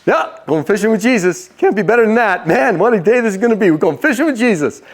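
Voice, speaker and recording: A man's voice: very high-pitched, wildly swooping pitch, moderate pace, a bit bright, husky, full character voice. A man voicing a weary, blunt fisherman, talking casually and frankly. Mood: upbeat.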